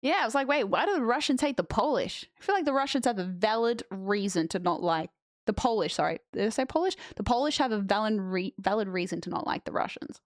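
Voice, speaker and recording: A woman's voice: medium pitch, lively intonation, fast, no echo, studio quality. A young woman streaming, chatting bluntly and jokingly with her live chat and reading messages aloud. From Australia.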